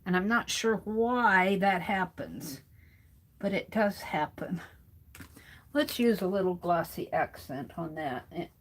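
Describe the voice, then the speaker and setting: The host of this craft livestream is an American woman whose voice sits on the low side, expressive and slow. She talks away to herself and her viewers while she works, occasionally stepping back from the mic.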